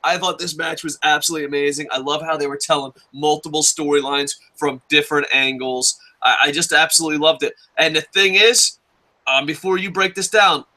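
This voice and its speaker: Bright-voiced excitable man. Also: fairly high pitch, brisk. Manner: excitable, profane, jokey, shouts in bits. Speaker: wrestling review host. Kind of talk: casual podcast chat.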